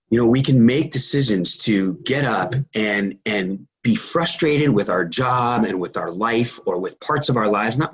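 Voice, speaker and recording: A man's voice: on the low side, breathy edge, poor audio. A middle-aged man giving a motivational team call talk, rambling, with many fillers and repeated words. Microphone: phone or conference line.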